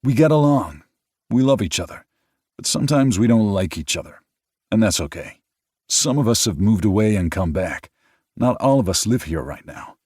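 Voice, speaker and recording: A man voicing a calm, earnest grown man who explains his family. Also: on the low side, moderate pace, breathy edge, dry recording, studio quality, pitched above the performer's own voice.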